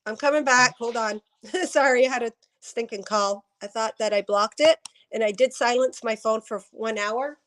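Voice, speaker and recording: A woman's voice: on the high side, normal speed, a bit bright. A woman giving casual spiritual readings on a live stream. She talks to viewers by name and laughs often. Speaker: intuitive reader on a live stream.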